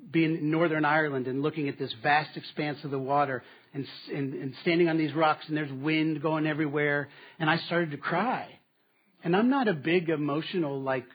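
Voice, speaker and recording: A man delivers a sermon in a somewhat high, husky voice. He swings from emphatic lines to hushed asides. The recording sounds a little dull and muffled. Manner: dynamic preaching, dropping to quiet asides with laughs. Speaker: pastor.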